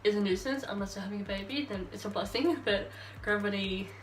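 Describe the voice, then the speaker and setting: A woman's voice: medium pitch, fairly quick, slight background noise. A young Australian woman, a bit tipsy, rambling and chatting to herself while doing her makeup at home. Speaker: beauty vlogger. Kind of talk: get-ready-with-me chat. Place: bedroom at home under a ring light. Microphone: phone camera. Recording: roomy sound, phone held off at a distance.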